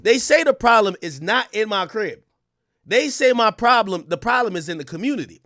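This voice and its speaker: Bright, high-voiced slangy streamer man. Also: moderate pace, dry recording, studio quality. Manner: animated storytelling, slangy, swings to loud exclamations. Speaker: streamer host. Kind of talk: casual livestream chat.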